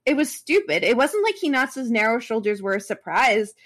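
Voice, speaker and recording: A woman's voice: fairly high pitch, big pitch swings, fairly quick, a bit bright. Woman casually reading fan fiction aloud. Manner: casual, with restarts and asides while reading.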